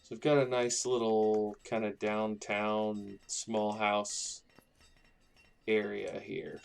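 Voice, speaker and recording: Gravelly guy talking slow over his city builder game, just musing to himself. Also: lowish voice, flat delivery. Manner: rambling, thinking aloud while building. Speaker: gaming YouTuber. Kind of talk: casual gameplay commentary.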